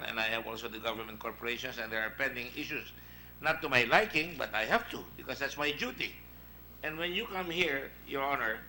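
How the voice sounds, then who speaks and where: A man's voice: medium pitch, bright, forceful tone, slight background noise, rough recording. A man with a Filipino accent chairing a senate hearing, questioning witnesses emphatically and wandering into asides. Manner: emphatic, digressive, reads out past exchanges.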